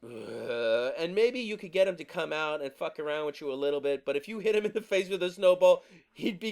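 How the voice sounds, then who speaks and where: A man's voice: high-pitched, expressive, moderate pace, darkish tone. A man hosting a podcast, ranting casually and profanely in an exasperated way. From New Jersey. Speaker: podcast host.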